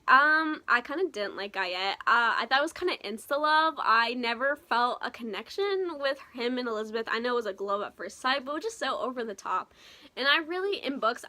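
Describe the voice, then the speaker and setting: Young woman, casual book vlogger, bright tone, emotional and gushy. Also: on the high side. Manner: gushing and emotional, many fillers and exclamations. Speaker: book reviewer. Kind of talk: casual book review vlog.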